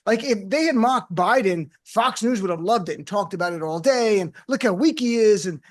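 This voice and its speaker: Brief: male talk-radio host, high voice, playful and teasing. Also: moderate pace. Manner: animated, teasing, acts out quotes. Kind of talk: comedic panel chat. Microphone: studio mic.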